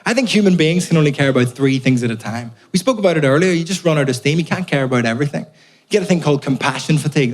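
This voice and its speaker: A man from Belfast with a Northern Irish accent, telling anxious, profane, self-mocking stories in a stand-up set. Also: mid-range voice. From Belfast, Northern Ireland. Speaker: stand-up comedian. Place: comedy club stage with live audience. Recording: live stand-up with audience laughter.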